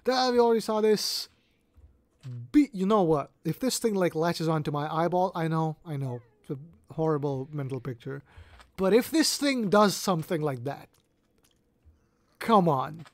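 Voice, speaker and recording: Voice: medium pitch, normal speed, no echo. A gaming video creator giving casual, playful gameplay commentary, laughing often and hamming up mock-dramatic lines.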